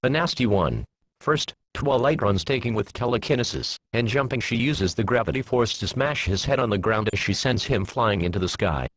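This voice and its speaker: A man reading a fan story aloud, giving the characters lowered voices. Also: lively intonation, moderate pace, fairly bright tone, no room sound, low-quality recording. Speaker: fan fiction reader.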